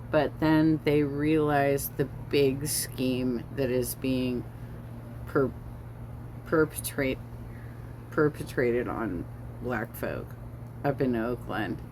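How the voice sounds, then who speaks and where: Casting note: unhurried woman host, chatty and meandering, restarts often, faint air-con hum behind. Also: extremely low pitch, darkish tone. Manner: slow, rambling, frequent fillers and self-corrections. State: has the hiccups. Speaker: reaction video host. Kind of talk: casual commentary over a song.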